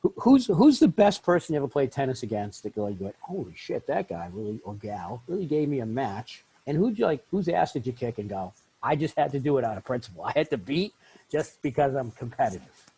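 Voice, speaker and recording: A man hosting a podcast interview in casual chat, effusive and quick to laugh. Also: mid-range voice, sing-song, dark tone, slightly rough, poor audio. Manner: effusive, laughs often, talks in bursts. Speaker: podcast host.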